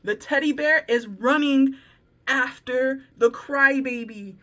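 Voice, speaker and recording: A woman vlogger telling a work story in casual chat, animated and slangy, acting out what people said. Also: high voice, unhurried. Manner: animated, slangy, acts out quoted dialogue.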